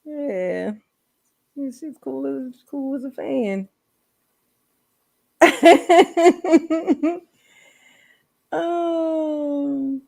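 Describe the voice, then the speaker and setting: Lady streamer rambling along slow, lots of giggles, kinda high voice. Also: creaky, a little mellow. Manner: giggly and rambling, laughs often. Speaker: live streamer. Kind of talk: casual live-stream chat.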